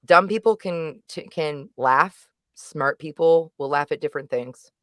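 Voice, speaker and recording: A middle-aged woman giving a casual, animated review on a livestream, emphatic and rambling, correcting herself as she goes. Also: deep voice, unhurried, no echo, studio quality. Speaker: guest reviewer.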